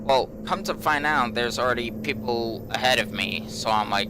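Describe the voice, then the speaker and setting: This man runs a gaming channel and, in a casual vlog, tells a long, meandering everyday story, often repeating himself and saying "you know" to fill gaps. He talks at normal speed in a medium pitch, and there's noise behind him.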